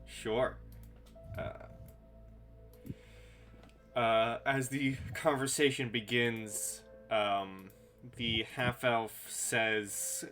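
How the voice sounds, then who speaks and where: A man narrating as game master of a tabletop game, halting and full of fillers. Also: medium pitch, steady tone, a bit bright, faint music behind.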